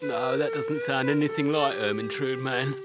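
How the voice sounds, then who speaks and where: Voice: mid-range voice, moderate pace, natural voice. An actor voicing a laid-back, dozy male rabbit in a children's cartoon, drawling dreamily and saying "man". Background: music.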